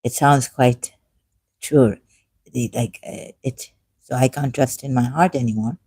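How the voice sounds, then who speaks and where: An impassioned man talks through an emotional solo commentary, his voice mellow and dark. He swings from loud outbursts to quiet asides. The recording is dry and close. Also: medium pitch, fairly even intonation, measured pace, slightly rough, no room sound. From Shia Muslim background. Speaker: ex-Muslim commentator.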